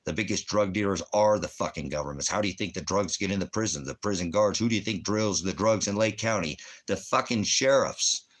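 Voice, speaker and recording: A man's voice: low-pitched, brisk, few pauses. A man, a veteran and former police officer, ranting heatedly with constant profanity. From United States. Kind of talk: angry ranting monologue.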